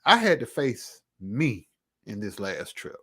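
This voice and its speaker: A man vlogging a personal testimony in an earnest, reflective storytelling manner, casual in speech and at times dropping to a near hush. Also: fairly low pitch, very animated, slow, breathy edge.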